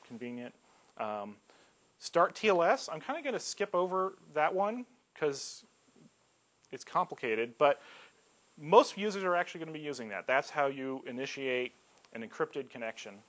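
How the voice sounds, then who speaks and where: Joking man explaining tech stuff. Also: medium pitch. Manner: relaxed and joking, with frequent ums. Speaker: campus IT staff giving a colloquium talk. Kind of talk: casual technical lecture.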